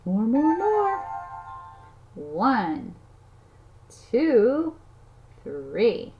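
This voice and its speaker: A woman's voice: mid-range voice, lively intonation, takes it slowly, over music. A woman giving a playful lesson to toddlers, counting aloud and making animal sounds in a sing-song way. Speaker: children's teacher. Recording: slightly dull audio, faint noise.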